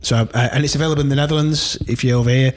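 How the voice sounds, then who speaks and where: A man's voice: mid-range voice, steady tone, racing. A man chatting casually, enthusiastic and rambling with many fillers. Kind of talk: casual chat.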